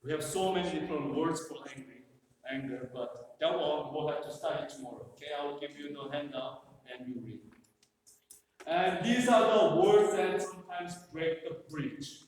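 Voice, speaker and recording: A man's voice: on the high side, normal speed, a little mellow. A man presenting a workshop to a live group, talking in a conversational, joking way with many "you know" fillers. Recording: echoey hall from far off, faint noise.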